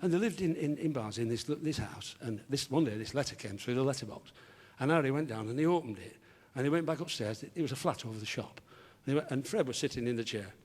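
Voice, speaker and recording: A man's voice: medium pitch, lively intonation, quick pace, hardly any pauses, darkish tone, breathy edge. An older man doing live stand-up on a theatre stage, rambling through jokes with many restarts and putting on voices for the characters. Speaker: stand-up comedian. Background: audience laughter.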